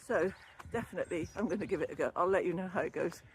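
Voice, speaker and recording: A woman's voice: lowish voice, quick pace, slight background noise. Breathless older woman chatting while walking. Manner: rambling, chatty, laughs easily. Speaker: wellbeing vlogger and former yoga teacher trainee. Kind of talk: casual walking vlog talk. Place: outdoors walking along a canal. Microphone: built-in camera or phone mic, no separate microphone.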